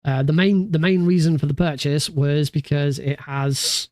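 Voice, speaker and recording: A streamer talks casually from his home setup into a mic run through a mixing desk. His voice sits a little higher than most men's and sounds dry and close. He rambles, doubling back and correcting himself as he goes. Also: normal speed, darkish tone, no room sound. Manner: rambling, loose and self-correcting. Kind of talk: casual livestream chat. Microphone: studio mic through a mixing desk.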